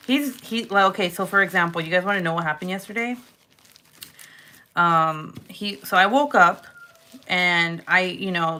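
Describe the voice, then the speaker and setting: A woman's voice: fairly low pitch, slight background noise. A woman crafting vlogger chatting casually, telling stories with laughs and swearing. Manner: animated storytelling, laughing, swearing. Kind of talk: casual chat.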